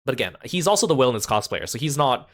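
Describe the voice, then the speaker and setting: A man's voice: medium pitch, big pitch swings, quick pace, fairly bright tone. A man casually recapping a trip in a chatty voice, full of fillers like "like" and "uh".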